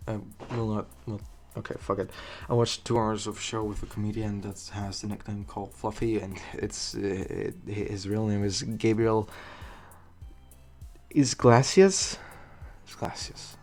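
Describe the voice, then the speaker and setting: Young guy rambling thru a game, lots of swearing, low-ish gravelly voice, takes his time. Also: little pitch movement, moderate pace, hardly any pauses, a little mellow, soft background music. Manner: rambling, swears freely, laughs at himself. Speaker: let's play gamer. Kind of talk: casual gameplay commentary.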